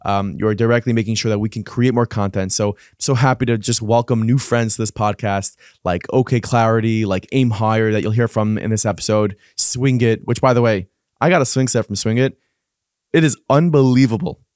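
A man's voice: on the low side, fairly quick, a little mellow, clear, resonant tone. Male podcast host, chatty, teasing, rambling questions. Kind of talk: podcast interview.

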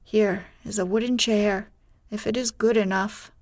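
A stubborn old grandfather answers firmly and gruffly, refusing to give way, as a woman reads him in a bedtime story. He speaks slowly, and the sound is dry and close. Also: medium pitch, fairly even intonation, darkish tone, no echo. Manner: firm and unyielding.

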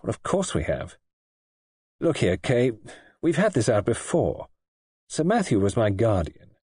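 A man's voice: mid-range voice, sing-song, unhurried, darkish tone, husky, no room sound, studio quality, full character voice. A man reading an audiobook and voicing a troubled, evasive young husband in a clipped, offhand way. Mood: curt.

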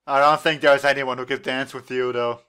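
A man's voice: mid-range voice, level tone, moderate pace, sharp tone, clear, resonant tone. A young man in casual reaction commentary who laughs often and makes light teasing remarks. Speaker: anime reaction host.

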